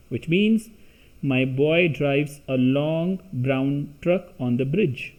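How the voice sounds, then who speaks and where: A man teaching French pronunciation, reading words and their meanings one at a time with long pauses. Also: a little high, darkish tone. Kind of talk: slow pronunciation lesson.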